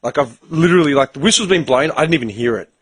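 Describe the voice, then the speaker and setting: A man's voice: fairly high pitch, lively intonation, racing, slightly rough. A young man hosting a casual podcast chat, telling stories in a blunt, profane way. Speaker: podcast host.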